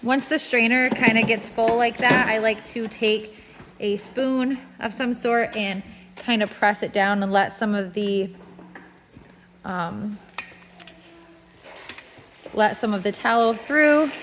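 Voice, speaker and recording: A woman with a slightly high voice talks through a home kitchen job in an easygoing tutorial. She explains each step plainly, pausing now and then with fillers. Faint noise sits behind her. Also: fairly bright tone. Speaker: homestead cooking instructor.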